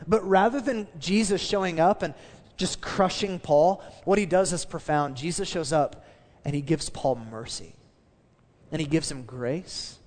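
A man preaching a sermon as a pastor, emphatic, dropping his voice low for key phrases. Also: lively intonation, moderate pace, a little mellow, long reverb tail.

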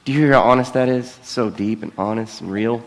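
A middle-aged man delivers a conversational sermon from the front of a church, his voice sitting at an ordinary middle pitch. He is earnest but quick to poke fun at himself, and his words ring out with a long reverb that hangs in the big room. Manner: earnest, with self-deprecating asides. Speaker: pastor. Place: church sanctuary. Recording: long reverb of a large hall.

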